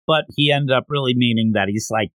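A man hosting a podcast, recapping a comic in an animated, rambling casual chat. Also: medium pitch, fairly quick, dry recording. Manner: animated, rambling retelling with lots of fillers. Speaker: podcast host.

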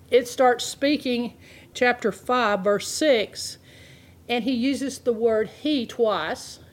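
A woman's voice: a little high, a little mellow. A woman preaching a sermon, reading scripture aloud and laughing often as she explains it.

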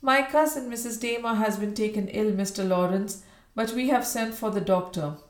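A woman voicing a lively, fussing young Victorian wife who speaks emphatically and exclaims readily. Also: medium pitch, normal speed, lightly acted. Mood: animated. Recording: roomy echo.

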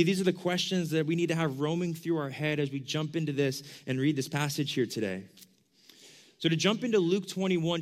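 A young man giving a casual sermon as a youth pastor, conversational and full of "like", acting out the questions he quotes. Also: on the high side. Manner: conversational, lots of 'like', acts out quoted questions.

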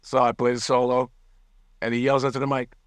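A man's voice: mid-range voice, level tone, brisk, no echo. A man telling a story as a guest musician in a casual interview, acting out the people he quotes and laughing often. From United States.

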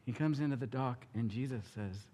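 A male pastor preaching a sermon, telling the story with animated acting-out of characters. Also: medium pitch, brisk, in a large hall.

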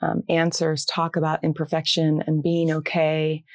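A woman's voice: low voice, completely flat delivery, normal speed, no room sound, studio quality. A woman interviewing a guest, reflecting back on his answers and asking encouraging questions. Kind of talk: podcast interview.

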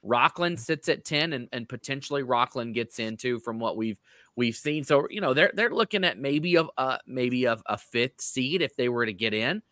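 A man's voice: mid-range voice, animated, normal speed, sharp tone, dry recording, studio quality. A man co-hosting a casual sports podcast. He thinks aloud and hedges, stressing that he is only a neutral party. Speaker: podcast co-host.

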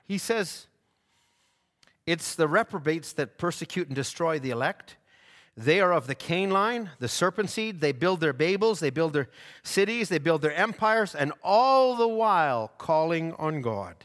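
A man's voice: a little high, lively intonation, unhurried, fairly bright tone, long reverb tail. A man preaching a sermon in a fervent way, often stumbling over restarts and repeated words.

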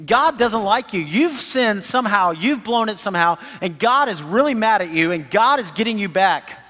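Brief: man playing accusing male friends, high, insistent, reverberant hall. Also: expressive, moderate pace, sharp tone, heavily acted. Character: three scolding male friends, blaming and harsh.

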